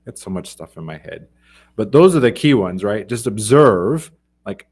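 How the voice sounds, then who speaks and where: A man's voice: lowish voice, very animated, normal speed, darkish tone, slightly rough. A man hosting a conversation, reflecting aloud on the guest's story and explaining ideas. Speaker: host. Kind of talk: podcast conversation.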